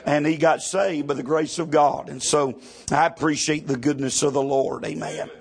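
A pastor preaching a testimony sermon in a gravelly, husky voice. He sits a little high for a man and keeps punctuating his story with "amen.". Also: fairly even intonation, normal speed. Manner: testimony peppered with constant "amen".

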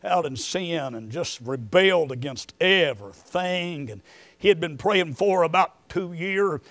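A middle-aged man preaching a sermon, moving between quiet storytelling and shouted emphasis. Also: fairly high pitch, lively intonation, a little slow, dry recording.

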